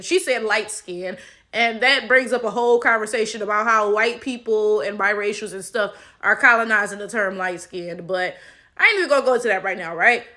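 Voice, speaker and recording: Young woman, high bright voice, blunt slangy commentary. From Detroit, USA. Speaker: commentary YouTuber. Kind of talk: reaction commentary.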